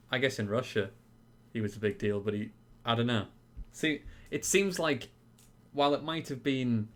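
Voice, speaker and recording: Low-voiced man trading wry film takes. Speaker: podcast co-host. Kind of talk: casual film review chat.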